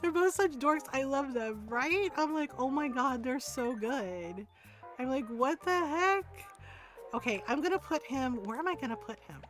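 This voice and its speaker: Chatty streamer woman, higher voice. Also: lively intonation, moderate pace, soft background music. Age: middle-aged. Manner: chatty, laughs often, full of fillers and restarts. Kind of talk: casual gaming stream chat.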